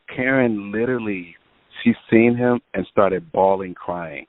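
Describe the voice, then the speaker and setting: Speaking unhurriedly in a lowish voice, this man is a music producer on an interview, spinning long, casual stories stuffed with filler words. The dry recording sounds tinny, like a phone line.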